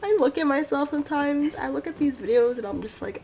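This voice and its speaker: A woman's voice: high-pitched, a little fast, warm tone, a little hiss or hum, low-quality recording. A woman hosting a let's play, narrating her playthrough in rambling, self-deprecating casual commentary. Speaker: gaming channel host.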